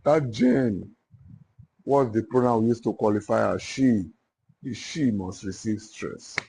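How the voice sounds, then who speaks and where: A man with a Nigerian accent teaching literature to a class, dictating notes and repeating each phrase slowly. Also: fairly low pitch, creaky, mellow, slight background noise. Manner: slow, repetitive dictation.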